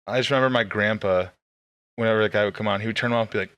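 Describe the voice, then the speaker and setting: A man's voice: fairly low pitch, fairly even intonation, very fast, a bit bright, dry recording. A young man from co-hosting a podcast, rambling through crude casual banter with lots of swearing and laughter. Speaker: podcast co-host.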